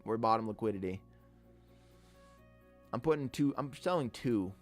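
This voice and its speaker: A young man live-streaming his day trading, excitable and swearing often as he talks to his chat. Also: lowish voice, moderate pace. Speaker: livestreaming day trader. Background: faint music.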